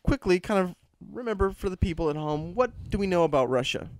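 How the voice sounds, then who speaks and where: A man's voice: sits high, expressive, fast talker, a little mellow, dry recording. A young man co-hosting a crude comedy podcast, joking in a goofy, mock-serious way. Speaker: podcast co-host.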